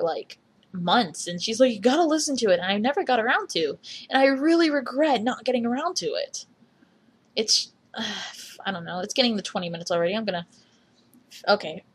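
A young woman rambling in a casual voice memo, apologizing often and speaking in a husky voice. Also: medium pitch, fairly bright tone. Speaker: fan recording a voice memo.

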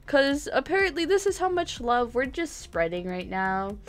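A woman's voice: sits high, big pitch swings, normal speed. A woman streaming a game live, chattering playfully and giggling, with faint game music behind. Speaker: gaming streamer.

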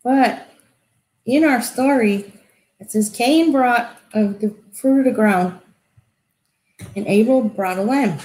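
A woman telling a Bible story to children in an animated way, asking them questions. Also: on the high side, takes it slowly, pauses often. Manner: animated, asks kids questions. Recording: echoey room.

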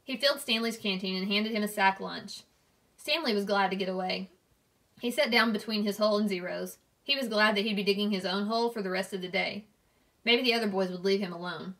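A woman reading a novel aloud, narrating steadily and clearly. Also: medium pitch, brisk, a bit bright. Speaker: reader.

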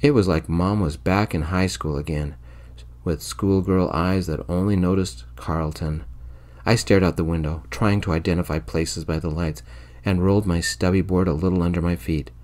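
A man narrating a story in the first person, quietly and evenly, in soft-spoken ASMR storytelling. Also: deep voice, steady tone, normal speed.

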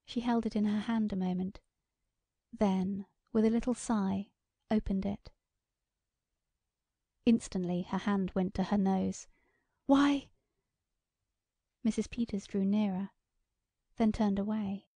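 A woman narrating a short story audiobook in a measured, even way. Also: mid-range voice, no room sound. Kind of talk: scripted narration.

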